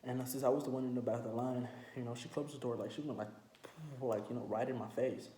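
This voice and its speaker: A man's voice: mid-range voice, fairly even intonation, fast talker, mellow. A young man telling a story casually while eating, slangy and profane, with many fillers. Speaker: mukbang storyteller. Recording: roomy echo, faint background noise.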